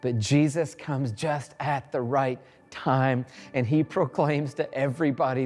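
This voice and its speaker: A male pastor delivering a sermon, telling the story dramatically with pauses and acted-out lines. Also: medium pitch, darkish tone. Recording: reverberant hall with faint music.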